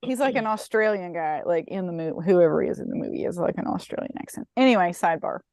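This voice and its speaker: A woman co-hosting a podcast in casual chat, animated and playful, telling stories with asides. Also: lowish voice, quick pace, vocal fry, no room sound. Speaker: podcast co-host.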